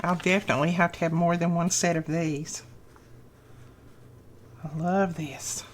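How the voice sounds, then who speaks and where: Middle-aged woman, craft vlog host, unhurried delivery, effusive, gushing over every item. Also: lowish voice, steady tone, a little hiss or hum. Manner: slow, lingering delivery. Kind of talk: unboxing happy mail.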